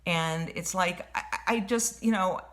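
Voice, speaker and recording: A woman telling a personal story in a casual vlog, animated and rambling, full of fillers and restarts. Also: on the low side, unhurried. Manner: says she has a wicked tongue. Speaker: vlogger.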